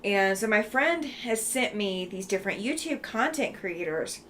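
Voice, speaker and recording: A woman's voice: mid-range voice, expressive, a little slow, fairly bright tone, slight background noise. A woman from Alabama hosts a casual livestream, reading chat aloud in a chatty, friendly way with many ums and easy laughs. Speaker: livestream host.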